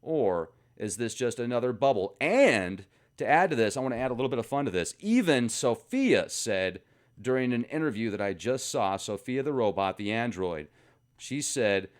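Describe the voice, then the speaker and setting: A man's voice: mid-range voice, big pitch swings, normal speed. A man hosting a casual commentary video, joking and rambling between topics. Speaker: video host.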